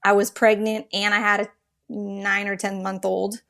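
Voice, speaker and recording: Woman in her 30s on a podcast, chatty and animated, keeps restarting her sentences. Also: medium pitch, gravelly. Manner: animated, rambling anecdotes with quick restarts. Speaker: podcast guest, author. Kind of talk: casual interview storytelling.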